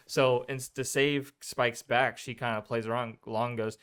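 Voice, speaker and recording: Talking at a normal speed with few pauses, a male co-host recounts a movie scene by scene for a laid-back review podcast. His mid-range voice is clear and resonant, and he livens up the retelling by quoting and acting out the characters' lines.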